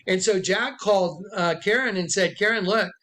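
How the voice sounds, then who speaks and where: High-voiced man telling an emphatic story. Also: moderate pace, a bit bright. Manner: emphatic, acts out quoted voices. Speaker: self-described prophet addressing followers. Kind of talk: emotional storytelling monologue. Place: indoors with listeners present.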